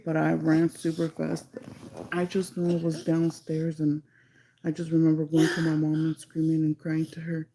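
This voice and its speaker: A woman with a low, completely flat, mellow voice casually tells a story on a livestream, heard through poor audio with a little hiss or hum. She rambles, says "like" constantly, slips into Spanish, and slowly stretches out certain phrases for emphasis.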